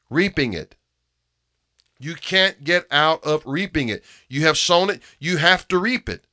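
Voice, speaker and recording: A man preaching a sermon with emphasis, repeating key phrases and dropping from loud to hushed. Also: on the high side, no echo, clean studio sound.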